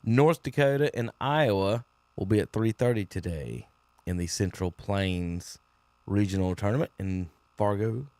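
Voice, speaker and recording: A man's voice: fairly low pitch, unhurried, dark tone, no room sound. A man hosting a sports talk radio show, reading out game schedules with casual asides and filler words. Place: radio studio.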